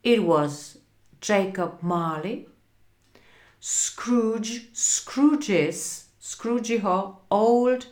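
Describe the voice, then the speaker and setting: A woman reads a classic story aloud in a slow, careful lesson, stopping after each phrase to translate it and to quiz herself with short questions she answers right away. Her voice sits at an ordinary middle pitch. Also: darkish tone. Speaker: English teacher.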